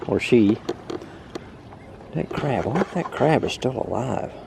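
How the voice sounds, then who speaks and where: Gravelly man fishing on a river. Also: mid-range voice, measured pace, noisy background. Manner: excited, exclaiming and laughing at fish. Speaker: fishing vlogger. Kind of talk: casual outdoor narration while fly fishing. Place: on a river outdoors.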